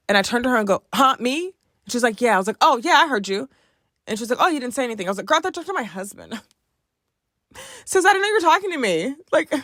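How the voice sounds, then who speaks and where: A young adult woman hosting a podcast, telling a personal story in a chatty, animated way and acting out the people she quotes. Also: on the low side, no echo, studio quality. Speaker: podcast host. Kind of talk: casual storytelling to listeners.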